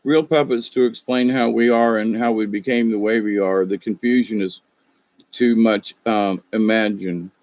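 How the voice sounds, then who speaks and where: This livestream host is a middle-aged man from the American South whose drawl carries through a rambling, chuckling chat where he names his viewers. His voice is fairly low and darkish, with fairly even intonation at a normal speed, in a dry recording with the highs cut off.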